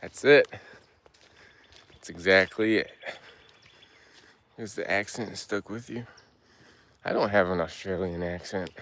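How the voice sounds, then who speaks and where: A man chats casually to his stream while walking a hilly trail outdoors. His voice sits fairly low and he talks slowly. His speech rambles with fillers and slurs a bit at the edges. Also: fairly bright tone. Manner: rambling, loose, heavy on filler words. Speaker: livestream host.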